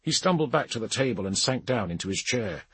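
A male audiobook narrator with a husky voice reads with dramatic, expressive delivery, his pitch rising and falling in a lively way. The recording is dry and close, with no room sound. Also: a little fast, dry recording. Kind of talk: scripted narration.

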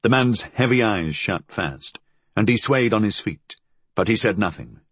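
Husky, low-voiced male narrator. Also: expressive, dry recording. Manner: measured storytelling. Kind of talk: audiobook narration.

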